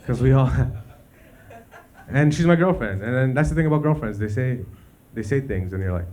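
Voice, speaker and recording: A Canadian man with a mellow, medium-pitched voice delivers a stand-up set briskly and with lively intonation. His style is loose and conversational, leaning on "you know." It's a live club recording from the stage, the crowd audibly laughing.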